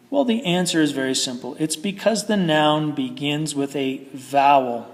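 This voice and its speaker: Man, grammar lesson, slow explaining, lingering reverb. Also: on the high side. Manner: slow, patient explaining with fillers. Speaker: English grammar teacher.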